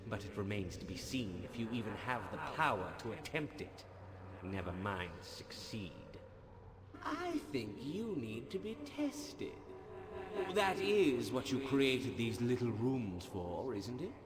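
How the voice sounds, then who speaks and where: A man's voice: medium pitch, big pitch swings, a little slow, a crowd in the background, voice pushed up. A man voicing a scheming, petulant male god of murder in a game's dialogue, sarcastic and self-important, with game music behind him. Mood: haughty.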